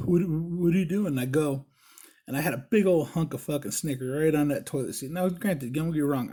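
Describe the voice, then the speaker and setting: A man telling a casual, profane story as a podcast host, laughing as he goes and shouting the lines of the people in it. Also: medium pitch, husky. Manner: heavy swearing, laughs while telling; shouts in mock-angry voices for quoted people.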